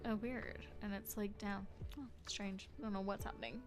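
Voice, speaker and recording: A woman's voice: medium pitch, fairly even intonation, moderate pace, over music. A woman live streamer chatting casually with her viewers in a bubbly, chatty way, full of fillers, sometimes dropping to near whispers.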